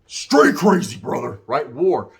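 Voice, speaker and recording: A man's voice: mid-range voice, sing-song, slow pace, vocal fry. A man casually telling a story from his time in prison, in profane street slang and with knocking sound effects. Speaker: storyteller recounting prison life.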